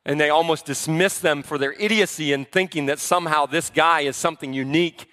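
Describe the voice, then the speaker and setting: Guy preaching a sermon, bright voice, talks casual and acts out the quotes, echoey hall. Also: fairly high pitch, brisk. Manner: conversational, animated, acts out quoted speakers. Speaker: pastor. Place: church sanctuary.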